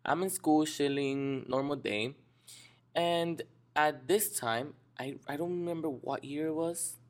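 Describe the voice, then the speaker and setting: Animated young man. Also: a little high, unhurried. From Dominican Republic. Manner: animated, slangy, says "bro" often. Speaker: podcast co-host. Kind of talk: casual storytelling chat.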